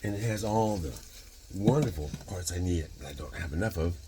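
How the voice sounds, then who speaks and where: A man's voice: low voice, noisy background. A man in his sixties with a Michigan accent, chatting casually in his home kitchen while cooking, rambling into philosophical tangents and speeding up in bursts. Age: 60s. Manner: talks fast in bursts. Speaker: vlogger.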